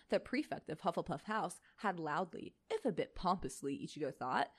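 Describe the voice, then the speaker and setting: A tired young woman reading a fanfic aloud, breaking off into chatty asides with lots of fillers. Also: deep voice. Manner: chatty, many fillers, laughs often. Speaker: reader.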